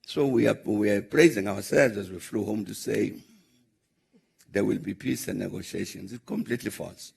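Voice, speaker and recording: An older man with a South African accent speaks in a low, gravelly and very husky voice. He tells his story at a measured pace, breaking it up with frequent "uh" pauses and acting out the lines of each conversation. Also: darkish tone. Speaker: former head of state answering questions. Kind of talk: anecdotal storytelling in a Q&A.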